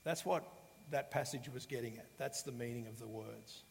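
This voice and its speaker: A man preaching a sermon in a relaxed, conversational way, often pausing with fillers and restarting his sentences. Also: mid-range voice, creaky. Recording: long hall reverb.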